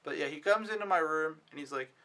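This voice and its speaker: Young man, casual vlog chat, rambling, swears at times, slightly high, bright tone. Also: quick pace. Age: young adult. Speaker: au pair vlogger.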